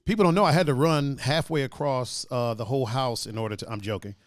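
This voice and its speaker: A man co-hosting a casual podcast, joking around, laughing often and slipping into quick mock voices. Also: mid-range voice, no echo, clean studio sound. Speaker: podcast co-host.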